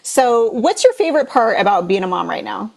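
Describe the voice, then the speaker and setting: A woman's voice: medium pitch, big pitch swings, brisk, creaky, rough recording. A woman hosting a podcast, asking questions and offering brief affirmations. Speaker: podcast host. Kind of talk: casual interview.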